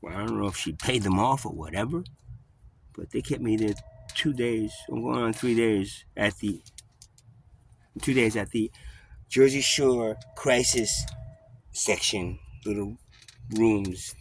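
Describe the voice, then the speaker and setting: A man telling a story in a rambling, profane way, with many halting restarts. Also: lowish voice, a little hiss or hum. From New York. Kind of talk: casual storytelling vlog.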